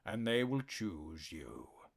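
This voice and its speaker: Male narrator doing a hulking black cat warlord: deep, gravelly, slow, breathy near-whisper threats, audiobook. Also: very animated, exaggerated voice. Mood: quietly menacing. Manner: slow, soft-spoken threats, growling.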